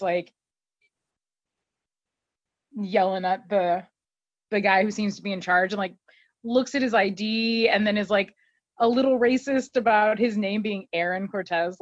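A woman's voice: medium pitch, dry recording. A woman hosting a podcast, casually recapping an episode in a chatty, filler-heavy way, laughing often. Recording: dull lo-fi recording, dry.

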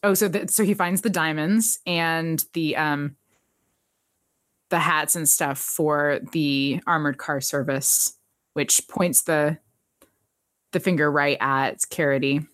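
A woman co-hosting a podcast, recapping a TV episode in animated casual chat and laughing often. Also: deep voice, takes it slowly, dry recording, studio quality. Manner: animated, laughs often, jumps into quoted voices.

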